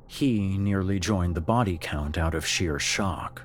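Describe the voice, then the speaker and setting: A man narrating a scripted horror story in a measured, dramatic way. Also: low-pitched, a little hiss or hum.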